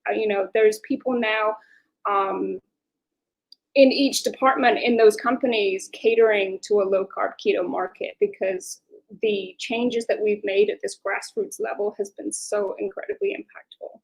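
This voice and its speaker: A woman's voice: mid-range voice, fairly even intonation, a little slow, vocal fry, poor audio. A woman with a Belfast Northern Irish accent, speaking as a talkative guest in an interview and giving long, flowing explanations. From Northern Ireland. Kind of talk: interview conversation.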